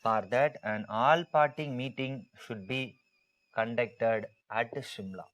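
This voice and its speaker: A man teaching an online exam-prep class, drilling his points home by repeating them and stressing each one. His voice sits at an ordinary middle pitch, and he keeps checking in with his students as he goes. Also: slow, fairly bright tone, lo-fi sound. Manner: repetitive, emphatic, asks students to type answers.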